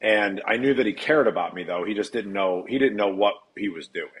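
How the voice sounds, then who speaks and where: A man's voice: fairly low pitch, brisk, low-quality recording. A man from Nebraska telling his recovery story as a podcast guest, candid, blunt and profane.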